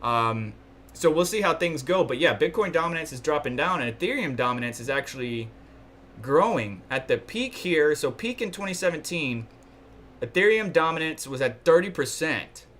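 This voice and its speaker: A man's voice: a little high, animated, normal speed, a bit bright. A man from New York hosting a casual livestream, rambling and thinking aloud while he browses charts and checks chat. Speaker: livestream host.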